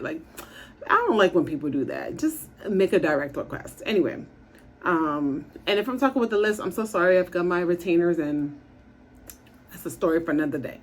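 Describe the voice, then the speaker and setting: Working without her usual equipment on a makeshift setup, a TV show reviewer and therapist recaps an episode from her office. Her voice is fairly low with lively intonation, and she chats casually, acting out the characters' lines in quick voices.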